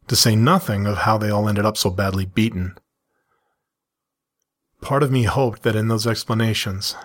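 A middle-aged man reading his own first-person story in a measured, steady way, then talking frankly to listeners. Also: on the low side, husky.

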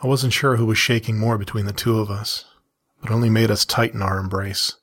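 A middle-aged man with a lowish, breathy-edged voice reads a first-person story of his own at a measured, steady pace. Afterward he speaks frankly to his listeners.

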